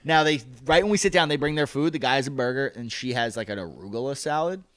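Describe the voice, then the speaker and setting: A man's voice: mid-range voice, animated, fast, fairly bright tone, dry recording. A man co-hosting a podcast, telling a story in a casual, profane way and acting out other people's lines. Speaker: podcast co-host.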